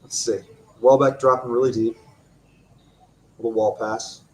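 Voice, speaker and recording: A man's voice: medium pitch, flat delivery, unhurried, darkish tone. A man co-hosting a live football watchalong, reacting with enthusiastic exclamations. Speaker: podcast co-host. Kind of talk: live match watchalong commentary.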